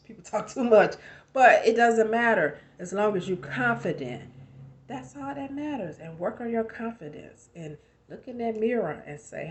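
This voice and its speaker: A woman's voice: medium pitch, lively intonation, a little slow. A woman in her thirties giving a conversational motivational talk, emphatic and full of rhetorical questions. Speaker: motivational speaker.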